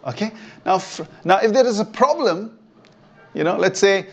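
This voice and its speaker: A man with a high voice preaches to an online church. He talks in a loose, conversational way and keeps checking in with his listeners. The recording sounds dull and lo-fi. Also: animated, moderate pace, creaky. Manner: conversational, checks in with "okay?" often. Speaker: pastor. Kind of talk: sermon. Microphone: online church stream.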